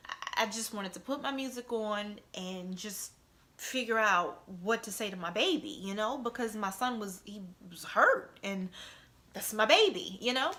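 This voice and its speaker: Bright-voiced mother telling a heartfelt story. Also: fairly high pitch. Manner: emotional, conversational, many "you know" and "right?" asides. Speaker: vlogger telling a personal story.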